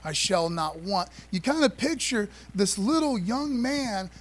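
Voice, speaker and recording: Male pastor, high voice, easygoing preacher who talks to his congregation and asks for amens. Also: lively intonation, a little slow. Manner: folksy, call-and-response preaching with repeated phrases. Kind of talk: sermon. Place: church sanctuary.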